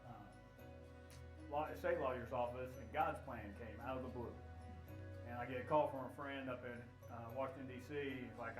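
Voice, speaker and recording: A middle-aged man, a retired Marine, sharing a personal testimony in an earnest, reflective way with halting pauses. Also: medium pitch, recorded from a distance. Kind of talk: personal testimony in a church video. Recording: roomy and a bit off-mic, with soft music.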